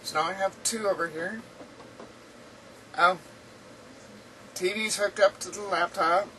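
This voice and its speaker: A woman's voice: medium pitch, steady tone, measured pace, sharp tone, far from the mic, a little hiss or hum, poor audio. A woman chatting casually in a rambling video diary from home, laughing often, her throat dry and sore. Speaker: vlogger. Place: indoors at home.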